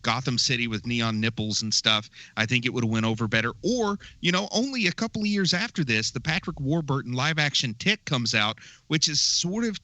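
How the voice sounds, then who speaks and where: Bright-voiced man with dry wisecracks. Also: medium pitch, animated, a little fast, few pauses, no room sound. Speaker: podcast co-host. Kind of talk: casual movie review chat.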